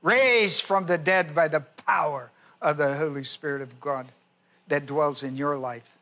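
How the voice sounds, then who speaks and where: High, bright-voiced male preacher teaching. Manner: spells out words and cites scripture references in a teaching tone; repeats key phrases slowly for emphasis. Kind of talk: sermon teaching.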